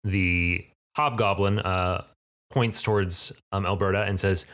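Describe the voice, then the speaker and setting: A man's voice: deep voice, fairly even intonation, unhurried, a bit bright. A man narrating as game master of a tabletop game, hesitant and full of fillers as he describes the scene.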